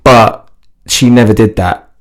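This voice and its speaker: This is a man with a somewhat low voice, talking casually as a guest on a podcast. He tells stories in an animated way, often laughing and restarting his sentences as he goes. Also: unhurried. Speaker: podcast guest, fitness TV host. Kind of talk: casual interview chat.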